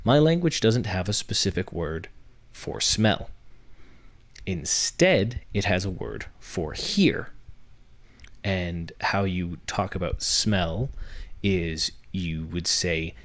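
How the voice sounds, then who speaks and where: A young male podcast host with a deep, low voice. He talks through a workshop in a patient, teacherly manner, building each point from examples one step at a time. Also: expressive, slow. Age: young adult. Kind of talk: workshop-style podcast explanation.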